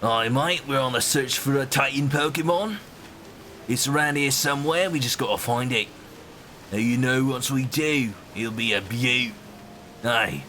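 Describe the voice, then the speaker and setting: A man's voice: medium pitch, a little slow, bright, forceful tone, slight background noise. A man doing a put-on Australian accent, playing a matey young bloke full of folksy slang. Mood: chummy. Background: game music.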